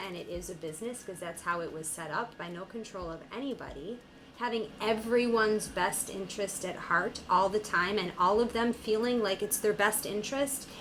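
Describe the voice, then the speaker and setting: A woman's voice: mid-range voice, fairly bright tone, slight background noise, poor audio. A woman hosting a reaction video, talking back to a clip in a sarcastic, incredulous tone. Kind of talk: casual reaction commentary.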